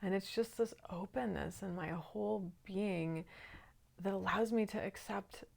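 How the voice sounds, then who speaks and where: A woman who works as a shadow work coach, telling a personal spiritual story in a calm, earnest way. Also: medium pitch, unhurried, gravelly.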